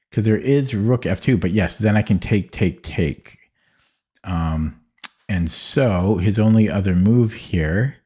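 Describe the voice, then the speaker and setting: Slow, husky-voiced man thinking aloud. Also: sits low. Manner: calm, slow, musing, talks himself through moves. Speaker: chess streamer. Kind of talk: thinking aloud while solving chess puzzles. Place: home office at his desk.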